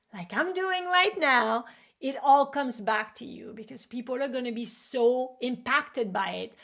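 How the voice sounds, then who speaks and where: Animated storytelling woman with gravelly voice. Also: fairly high pitch. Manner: animated, acts out quoted voices. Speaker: acupuncture educator. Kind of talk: personal storytelling in a lesson video.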